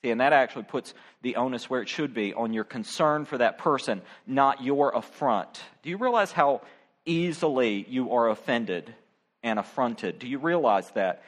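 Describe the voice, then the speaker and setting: A man's voice: mid-range voice, moderate pace. A middle-aged man preaching a sermon as pastor, speaking directly and emphatically to his congregation. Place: church.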